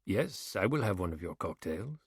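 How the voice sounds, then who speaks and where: A man's voice: low-pitched, big pitch swings, normal speed, breathy edge, no echo, clean studio sound, heavily acted. A man doing a blunt, heavyset police chief. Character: big, heavy, proud male police chief.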